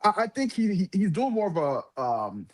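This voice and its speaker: A man's voice: high voice, big pitch swings, normal speed, a crowd in the background. A man joking hesitantly with many fillers on a casual wrestling podcast. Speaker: podcast co-host.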